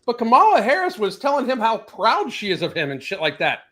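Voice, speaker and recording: A man's voice: extremely high pitch, huge pitch swings, brisk, bright, forceful tone. A man from the South, hosting a casual podcast and ranting with heavy profanity. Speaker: podcast host. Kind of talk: casual rant chat.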